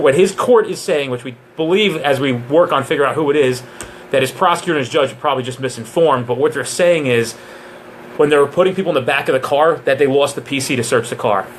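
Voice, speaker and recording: A man's voice: mid-range voice, slight background noise. A man who trains police officers, giving a casual live question-and-answer session with jokes and digressions.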